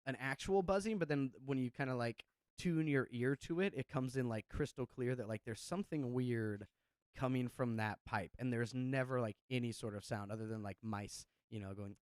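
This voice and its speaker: A man runs a tabletop game, narrating a scene in a loose way full of fillers and little laughs. His voice is smooth and clear, recorded dry and close with no room sound. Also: mid-range voice, normal speed, dry recording. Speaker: game master.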